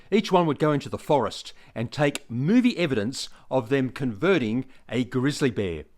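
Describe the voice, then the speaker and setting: A man in his sixties with an Australian accent, telling dad jokes and chuckling at them. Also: mid-range voice. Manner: chuckles at own jokes, animated delivery. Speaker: joke teller. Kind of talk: recorded dad-joke telling.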